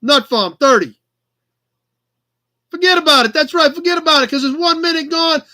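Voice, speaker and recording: A man's voice: very high voice, moderate pace, pushed and bright, voice pushed up, full character voice. A man voicing a brash, pushy New York auctioneer in a put-on New York accent, calling out bids. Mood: hamming. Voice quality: hammy, brash.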